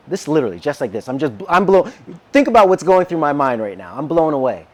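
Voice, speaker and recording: A man preaching a sermon, telling a personal story in an animated way and acting out the dialogue. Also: a little high, fast. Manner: animated, acts out quoted dialogue. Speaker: minister.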